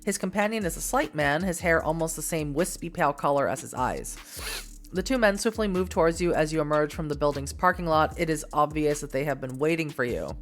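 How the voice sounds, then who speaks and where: A woman reading an interactive text game aloud in an expressive way, breaking off for casual, laughing asides. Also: deep voice, a little fast, soft background music. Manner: expressive reading, laughs at her own slips.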